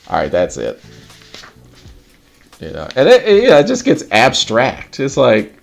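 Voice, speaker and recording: A man hosting a casual livestream chat, animated, laughing often and swearing casually. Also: fairly low pitch, a little slow, gravelly, soft background music. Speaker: livestream host.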